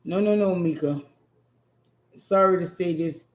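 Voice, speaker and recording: Slow-drawling New man, echoey room. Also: high voice. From New Orleans. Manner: profane, teasing, laid-back drawl. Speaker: streamer answering chat. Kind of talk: casual livestream chat.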